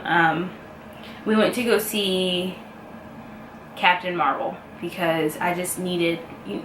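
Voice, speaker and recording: A woman speaking to camera in a personal vlog, emotional and heartfelt, pausing often as she talks. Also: on the low side, a bit bright. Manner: emotional, heartfelt, halting with pauses. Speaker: vlogger. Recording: echoey room with faint ambient noise.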